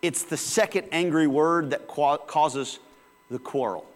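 A man's voice: on the high side, a little slow, long reverb tail. A male pastor preaching a sermon in a casual, conversational way, with sudden bursts of volume.

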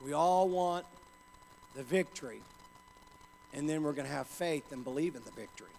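A man preaching a sermon with passion, dropping to a hush and then building up to shouts. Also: a little high, normal speed, vocal fry, slight background noise. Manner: impassioned, swings from hushed to shouting. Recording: hall reverb with faint ambience.

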